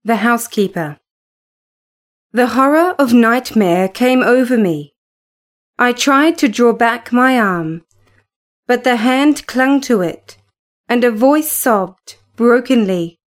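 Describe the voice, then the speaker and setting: Slow, higher-voiced woman reading a story. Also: lively intonation. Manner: slow, deliberate, dramatic reading. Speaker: audiobook narrator. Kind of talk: scripted narration of a classic novel.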